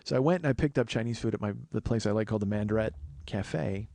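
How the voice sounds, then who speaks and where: A man's voice: fairly low pitch, fast, mellow, no echo. A man in his forties hosting a podcast, telling stories in a rambling comedic monologue. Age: 40s. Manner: rambling storytelling with restarts. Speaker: podcast host.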